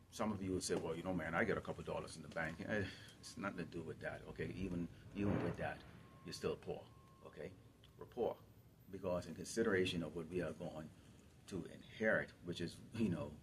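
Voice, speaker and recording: Low-voiced emphatic man preaching. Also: slight background noise. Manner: emphatic, repetitive, asks the listeners questions. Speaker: camp teacher. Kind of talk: preaching to a congregation.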